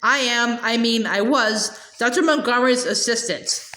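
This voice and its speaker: A woman voicing a sly, scheming villain man in disguise, smooth and falsely polite, while reading a storybook aloud. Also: a little high, normal speed, pushed and bright, roomy sound, a little hiss or hum.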